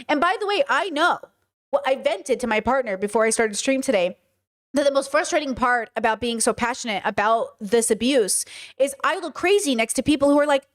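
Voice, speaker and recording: A woman's voice: sits high, normal speed. A woman streamer reacting to news clips, talking indignantly and animatedly and mimicking other people. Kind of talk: casual reaction commentary.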